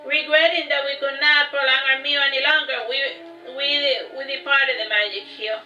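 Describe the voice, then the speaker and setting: A woman's voice: high voice, moderate pace. Woman reading her fantasy story aloud. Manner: steady reading with frequent restarts. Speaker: author. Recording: roomy, distant, dull recording with faint music.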